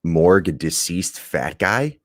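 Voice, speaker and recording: A man's voice: sits low, animated, slow, a bit bright, dry recording, clean studio sound. A man co-hosting a podcast, chatting casually and rambling through a movie review, laughing and swearing as he goes. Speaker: podcast co-host.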